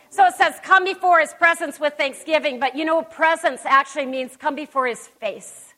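A woman's voice: high-pitched, bright, forceful tone. A woman giving a conversational sermon at a church service, emphatic and folksy, with chatty personal asides. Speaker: preacher.

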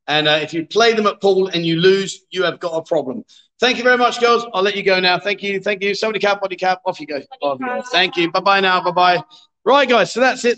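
A middle-aged man runs a live stream from a bar, coaxing the players and teasing them in a chatty, joking way. His voice sits fairly high for a man. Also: fairly bright tone, poor audio. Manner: jokey, coaxing, chatty with viewers. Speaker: livestream host. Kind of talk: live-streamed pool game commentary. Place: bar with a pool table.

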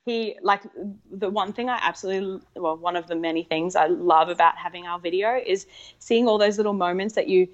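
Excited woman telling a story, muffled sound. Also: on the low side, fairly quick. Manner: animated, excited, acts out quoted dialogue. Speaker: podcast guest. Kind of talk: personal storytelling in conversation. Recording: slightly muffled lo-fi recording.

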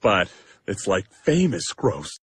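A jaded cartoon buddy. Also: male voice, lowish voice, sing-song, slow pace. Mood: offhand. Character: jaded grown man joking with friends. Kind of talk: animated sitcom clip.

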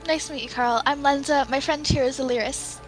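A woman's voice: high voice, steady tone, a little fast, faint music behind, poor audio. A woman playing a tabletop game, speaking in an earnest, friendly way. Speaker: player. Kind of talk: tabletop game role-play.

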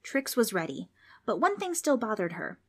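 A woman reading a children's storybook aloud as narrator, steady and expressive. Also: fairly high pitch, moderate pace.

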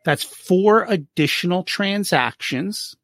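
A man's voice: high-pitched, slow pace, gravelly, dry recording, studio quality. A man speaking as a guest in a casual interview, explaining money habits and acting out short exchanges in different voices. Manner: animated, acts out little dialogues. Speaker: business profitability guest.

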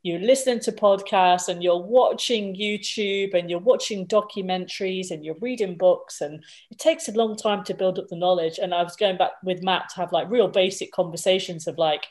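A woman's voice: fairly low pitch, moderate pace, few pauses, a little mellow. A woman co-hosting a casual podcast, chatty and explaining things in long lists. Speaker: podcast co-host.

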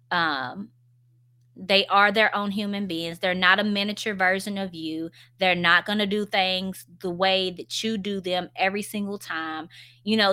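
Woman, casual explanatory talk, bright tense tone, conversational, fillers, acts out example phrases. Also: medium pitch. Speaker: parenting speaker.

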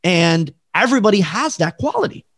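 A man being interviewed as a guest, talking in an energetic, emphatic way and acting out examples with his voice over a video call. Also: high voice, fairly quick, no room sound. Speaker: realtor and guest. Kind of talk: casual podcast interview.

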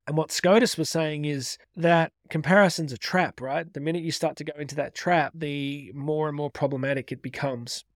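A middle-aged man giving an energetic motivational talk, emphatic and repeating his key phrases. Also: on the high side, normal speed, few pauses, no room sound, studio quality. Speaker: motivational speaker. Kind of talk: direct-to-camera motivational talk.

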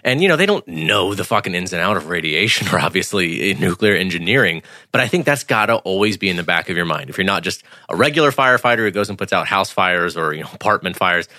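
A man co-hosting a podcast, animated and casual, swearing and laughing as he reviews a TV episode. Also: low voice, fast, hardly any pauses, no echo, clean studio sound. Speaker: podcast co-host.

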